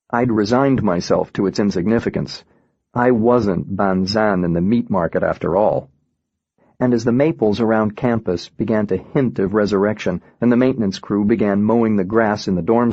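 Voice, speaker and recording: Man, audiobook narrator, first-person, reflective, husky, dry close sound. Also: lowish voice, darkish tone, no room sound, lo-fi sound.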